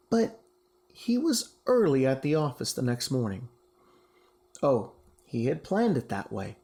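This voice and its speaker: A teacher reading a classic story aloud to his class. His delivery is slow and very expressive, rising and falling widely, with a gravelly, somewhat husky voice. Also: a little high.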